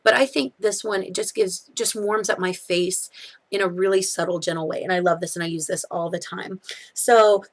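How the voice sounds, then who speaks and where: A young woman giving a casual, chatty review of beauty products, full of fillers and quick self-corrections. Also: mid-range voice, steady tone. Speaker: beauty vlogger.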